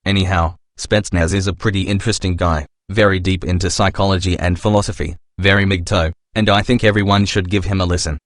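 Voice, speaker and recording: Flat, deep-voiced vlog host. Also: male voice, fairly quick, few pauses, no echo, studio quality. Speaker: channel host. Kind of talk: casual vlog narration.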